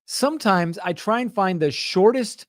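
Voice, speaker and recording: A Utah host of a contractor business show, his voice high-pitched at normal speed, animatedly shares a casual story with his audience. He acts out the quotes and often asks "right?", captured in a dry, studio-quality recording.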